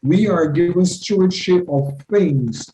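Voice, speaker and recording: Man, class leader, mellow tone, light background noise, earnest. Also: high-pitched, unhurried, roomy sound, poor audio. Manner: earnest, self-deprecating, repeats phrases. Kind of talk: teaching discussion.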